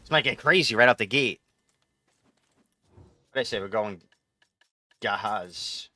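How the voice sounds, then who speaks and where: A man's voice: lowish voice, a little slow, bright, forceful tone, no room sound. A man chatting casually on a live gaming stream, rambling and swearing as he answers chat. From New York.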